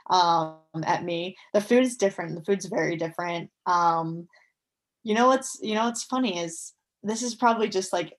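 Woman, twenties, casual interview chat, upbeat, filler-heavy. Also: on the low side. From United States. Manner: chatty, frequent fillers, upbeat. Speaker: guest, professional athlete.

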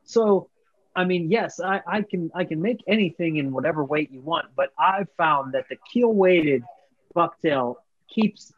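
Man, podcast guest, rambling, restarts, high-ish voice, dry dull lo-fi sound. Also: no room sound. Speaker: guest bait maker. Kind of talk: casual podcast chat.

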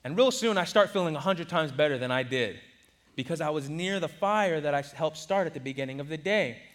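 A man in his twenties from Southern California, telling a personal story in a sermon with lively delivery and acted-out quotes. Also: fairly high pitch, brisk. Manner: animated, acts out quoted voices. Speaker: preacher.

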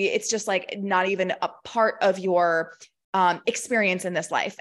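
A woman in her thirties giving an impassioned, emphatic motivational monologue as a coach, swearing freely. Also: mid-range voice. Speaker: women's empowerment coach.

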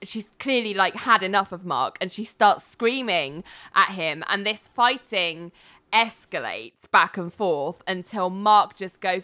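A woman talks through a television episode in a loose, chatty way, slipping into the characters' voices to act out their lines. Her voice is bright and forward. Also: lowish voice, measured pace, smooth. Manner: animated retelling with mimicked character voices. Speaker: podcast co-host recapping a TV episode. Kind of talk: casual chat.

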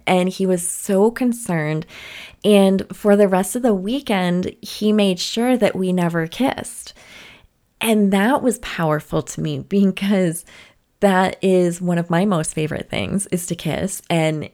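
Speaking slowly in a fairly low, slightly mellow voice, a woman hosts a podcast by herself. Her personal anecdote comes out candid and chatty, punctuated by the odd laugh.

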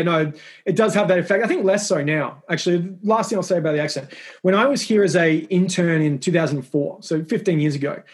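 Fast-talking Australian man. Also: fairly high pitch. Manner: rambling, self-deprecating, quick. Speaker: guest. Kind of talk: casual interview conversation.

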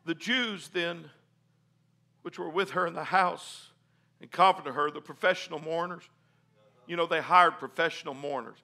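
A man preaching a sermon, reading scripture aloud and rising to fervent, loud appeals with calls of amen. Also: fairly high pitch, moderate pace, creaky, long pauses. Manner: calls for congregation responses and says amen. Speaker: pastor.

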